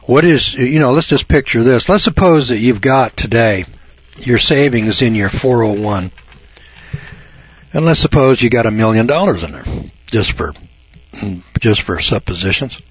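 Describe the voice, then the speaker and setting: A man's voice: medium pitch, animated, normal speed, long pauses, husky. An older American man hosting a radio talk show, talking in a folksy, emphatic way and repeating words as he builds his points. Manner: folksy, emphatic, repeats himself, mocks callers in a raised voice. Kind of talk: casual radio monologue. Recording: dull lo-fi dry radio sound.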